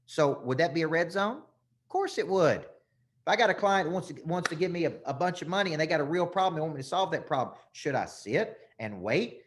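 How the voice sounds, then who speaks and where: A business coach runs a live webinar through a computer mic, his voice on the high side. He gets worked up and repeats phrases for emphasis.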